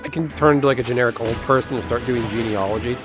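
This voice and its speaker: A young man talks casually to his stream audience, drifting from one wry aside to the next. His voice sits at an ordinary middle pitch. Game music plays clearly behind him. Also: quick pace. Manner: rambling, wry, chatty asides to chat. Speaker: gaming streamer. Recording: music playing underneath.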